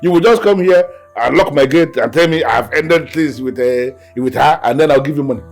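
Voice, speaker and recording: A man's voice: on the high side, normal speed, gravelly, soft background music. An actor playing a stern older father who lectures and scolds, with a Nigerian accent.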